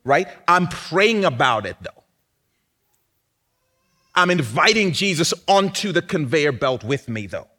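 Animated male preacher with a lively voice. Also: on the high side, measured pace, pauses often. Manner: animated preaching, rising to loud emphatic peaks. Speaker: pastor. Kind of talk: sermon.

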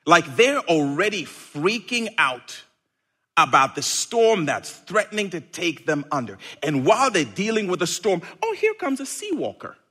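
A man preaching a sermon with a playful, animated delivery and sudden loud bursts. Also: high-pitched, unhurried, breathy edge.

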